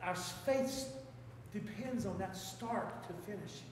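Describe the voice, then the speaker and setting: A pastor with an Appalachian accent preaches a sermon in a church sanctuary, delivering fervent, repetitive exhortations. His voice sits high and he takes it slowly, heard through a distant mic in an echoey hall with a little hiss or hum.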